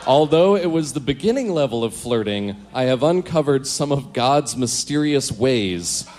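A man's voice: medium pitch, animated, moderate pace, a little mellow, slight background noise. A man reading aloud from an old diary, dry in delivery and breaking in with amused, self-mocking asides.

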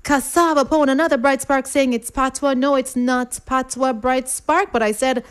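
A woman's voice: high voice, fairly even intonation, normal speed, clean tone. A woman hosting a radio quiz, reading listeners' answers in a playful, rhyming patter.

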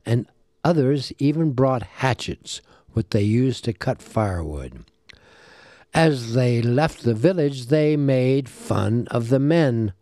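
A man telling a folk tale in storybook narration, animated and voicing the characters. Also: mid-range voice, unhurried, dry recording, clean studio sound. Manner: animated, voices the characters, asides to a listener.

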